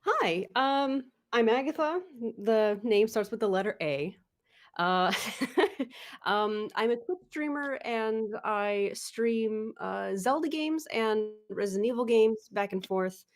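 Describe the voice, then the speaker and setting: A woman's voice: mid-range voice, animated, slow. A young woman introducing herself as a streamer on a podcast, bubbly and giggly, with lots of hesitant ums. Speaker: Twitch streamer guest. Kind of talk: casual podcast chat.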